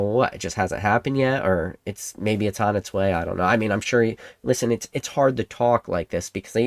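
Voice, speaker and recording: A man with a fairly low voice talks to his audience in a loose, rambling monologue. He keeps jumping into imagined back-and-forth replies, pushing his points with energy. The sound is close and dry, with no room echo. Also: vocal fry. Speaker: Pokemon card collector and channel host. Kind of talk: casual monologue to camera.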